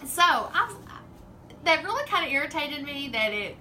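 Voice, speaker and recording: A woman's voice: high voice, very animated, moderate pace, sharp tone, a little hiss or hum, poor audio. Chatty Southern woman hosting a craft livestream. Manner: chatty, rambling, laughs often. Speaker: craft channel host. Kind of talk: casual live-stream chat.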